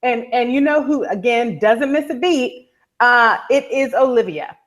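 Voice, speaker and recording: A woman co-hosting a live TV recap show, an animated storyteller who keeps repeating a catchphrase. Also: a little high, measured pace. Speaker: podcast co-host.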